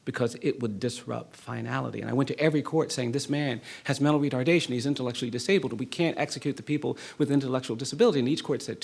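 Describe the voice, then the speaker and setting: A middle-aged man tells a story in a law lecture, his voice gravelly with a husky edge. He speaks in a measured, repetitive cadence that drops to a hush and then rises to emphasis. His pitch sits in an ordinary middle register. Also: expressive. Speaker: law professor giving a lecture. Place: lecture hall.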